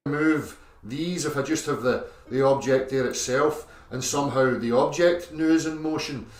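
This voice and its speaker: A man's voice: mid-range voice, moderate pace. A man explaining a theory step by step in a lecture style, constantly checking in with "okay?" and "right?". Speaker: video presenter. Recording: echoey, distant clip with music.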